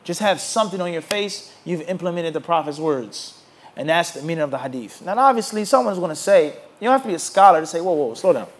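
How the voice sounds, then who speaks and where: A man with a high-pitched voice teaches a religious class. He is emphatic and animated. He keeps putting questions to his listeners and pausing for them to fill in the answer. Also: slight background noise. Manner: rhetorical questions asked to the audience. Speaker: Islamic teacher.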